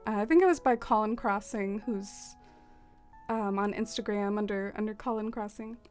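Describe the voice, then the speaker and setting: This woman is hosting a relaxed game livestream, talking with her viewers while she plays, laughing often and using plenty of fillers. Her voice sits in the mid range with a slightly dark tone, moving at a normal pace over faint music.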